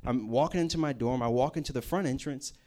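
A man gives a personal testimony sermon. He preaches like he is chatting, telling his story with jokey asides. His voice sits at an ordinary pitch. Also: quick pace, mellow. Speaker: campus ministry speaker.

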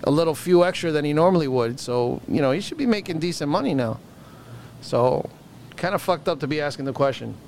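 A man's voice: fairly high pitch, animated, a little fast, a little mellow, a little hiss or hum. A man in casual podcast chat, talking bluntly and rambling with some swearing.

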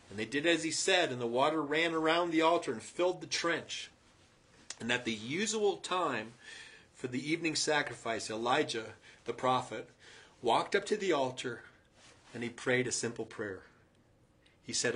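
A man preaching a sermon, retelling a story dramatically with chuckling asides and loud, emphatic quoted lines. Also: mid-range voice, expressive, moderate pace.

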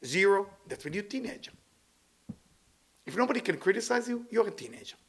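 A man giving a motivational spiritual talk in English with dropped words, playful and animated, stacking words in long repeated lists. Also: sits high, fairly quick, vocal fry. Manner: speaks non-native English with dropped words.

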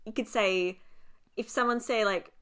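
A woman's voice: on the high side, measured pace, fairly bright tone, clean tone. An Australian woman co-hosting a podcast, chatting casually and animatedly, swearing freely and laughing often. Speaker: podcast co-host.

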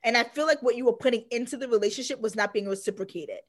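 A woman's voice: on the high side, quick pace. A woman giving a casual psychic reading, speaking with assurance and emphatically repeating her points. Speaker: psychic reader.

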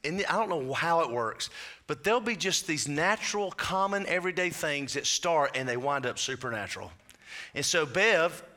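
A man's voice: on the high side, pushed and bright. A man preaching a sermon as pastor, telling stories in a chatty way with asides. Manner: storytelling preacher, conversational asides.

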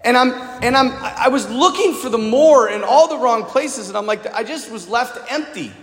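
High-voiced priest telling a story in an echoing church. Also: male voice, expressive, normal speed, fairly bright tone. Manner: personal storytelling, asks the congregation questions directly. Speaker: Catholic priest. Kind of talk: sermon. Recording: echoey hall with long reverb.

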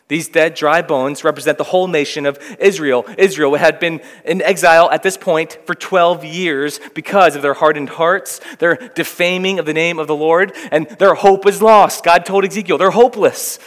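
A man's voice: on the high side, moderate pace, a bit bright. Preaching man in a reverberant hall. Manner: reads scripture aloud, then expounds with rising emphasis. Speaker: pastor. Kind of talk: sermon.

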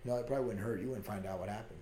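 A man's voice: fairly low pitch, very fast, dark tone, slight background noise. An Amish man chatting as a podcast guest in an easygoing, plain-spoken way. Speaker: maintenance manager and Amish guest. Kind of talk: casual chat. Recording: roomy echo.

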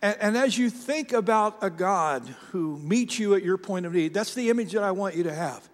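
High-voiced pastor preaching in a reverberant hall. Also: male voice, animated, moderate pace. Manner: conversational storytelling with many restarts. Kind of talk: sermon.

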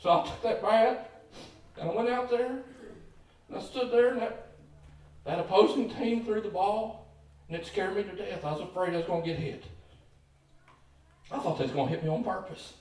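Male preacher, higher pitch, folksy storyteller, heavy hall echo, distant mic. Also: normal speed, long pauses, darkish tone. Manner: folksy storytelling with emphatic calls to the congregation. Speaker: pastor. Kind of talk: sermon.

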